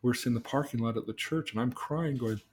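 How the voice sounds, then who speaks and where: A man's voice: mid-range voice, a little fast, a little hiss or hum. A man telling personal stories in a casual, earnest way, repeating himself and asking leading questions. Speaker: guest telling life stories.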